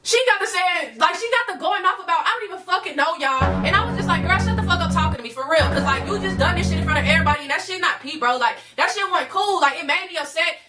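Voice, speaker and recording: A woman telling a personal story casually to her viewers, profane and animated, often calling out to them as y'all. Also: very high-pitched, fast talker, hardly any pauses, far from the mic, music in the background.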